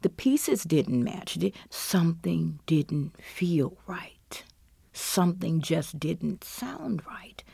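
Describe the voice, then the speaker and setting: Middle-aged woman guest, low mellow voice, goes from loud to whispery, dry sound. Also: lively intonation, slow, vocal fry, breathy edge, no echo. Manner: intense, swings between loud outbursts and hushed whispers. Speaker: interview guest, bereaved mother. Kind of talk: emotional personal testimony.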